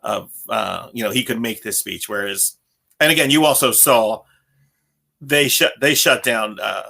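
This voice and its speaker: Gravelly, bright-voiced man chatting casually. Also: on the low side, unhurried. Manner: rambling, self-interrupting, laughs often. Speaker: podcast co-host. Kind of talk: casual podcast chat.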